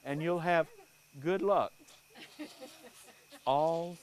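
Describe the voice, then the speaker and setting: A man telling folk tales and superstitions to a live audience in an unhurried, animated way. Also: fairly high pitch. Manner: unhurried, animated, folksy delivery. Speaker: storyteller.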